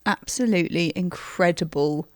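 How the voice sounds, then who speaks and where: A British woman co-hosting a casual chat about a reality show, excitable and giggly, with the odd swear. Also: on the low side, normal speed, dry recording, studio quality. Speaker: podcast co-host.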